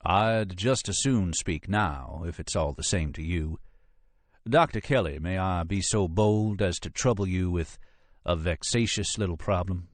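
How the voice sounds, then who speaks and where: A male narrator voicing a pale, courtly male FBI agent who speaks softly with an upper-class Southern accent and formal, unhurried phrasing. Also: low voice, no echo. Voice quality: soft, mellifluous, flowing. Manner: polite, languid, formal phrasing.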